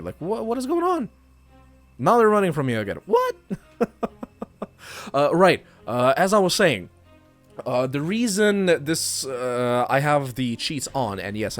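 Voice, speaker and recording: A man giving casual let's play commentary, chatty and thinking aloud while he plays. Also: medium pitch. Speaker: gaming youtuber.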